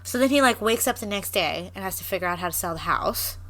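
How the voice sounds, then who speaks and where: A woman's voice: medium pitch, animated, fast talker, a bit bright, a little hiss or hum. A woman co-hosting a podcast, chatting casually about a movie, swearing, laughing and getting worked up. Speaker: podcast co-host.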